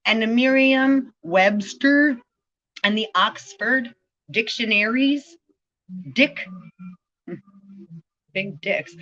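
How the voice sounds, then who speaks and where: A woman's voice: a little high, takes it slowly, a bit bright, muffled recording. A woman vlogging a rambling spiritual monologue, profane and full of free-associating word play.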